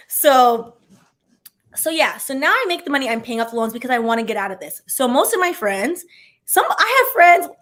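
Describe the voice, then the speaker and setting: Woman, 30s, channel host and ex-lawyer; chatty, animated delivery with a slightly high voice and constant tangents. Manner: chatty, animated, quick tangents, many filler likes. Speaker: channel host, former attorney. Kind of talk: casual chat, reacting to viewer comments.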